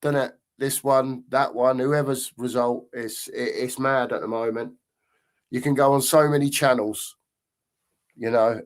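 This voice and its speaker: A man's voice: mid-range voice, steady tone, a little slow. A man hosting a casual livestream, reading out viewer comments and bantering with them by name. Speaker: host.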